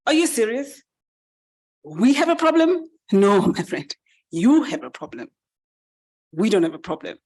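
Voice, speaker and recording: A woman's voice: on the low side, sing-song, takes it slowly, hardly any pauses, slightly rough, heavily acted. A woman voicing a mocking male pig who feigns surprise and scoffs. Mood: scoffing.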